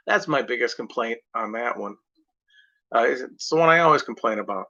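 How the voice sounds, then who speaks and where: A man's voice: mid-range voice, expressive, brisk, pushed and bright. Profane rambling man vlogging. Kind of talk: casual rambling monologue. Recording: muffled lo-fi recording.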